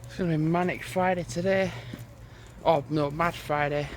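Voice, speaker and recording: A man chats into his phone while walking outdoors, audibly out of breath. His voice sits a little high, and he rambles loosely from one thought to the next with frequent sighs. Faint noise hangs behind him. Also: fairly even intonation, moderate pace. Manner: rambling, chatty, sighs often. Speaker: vlogger. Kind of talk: casual vlog chat while walking. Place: outdoors on a walk. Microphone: phone held while walking.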